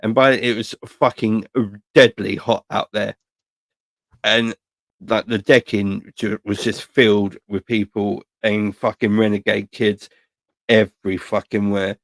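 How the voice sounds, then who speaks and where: A man, co-hosting a casual podcast chat, swearing freely as he rambles through animated anecdotes. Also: fairly low pitch, a little slow, no room sound. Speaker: podcast co-host.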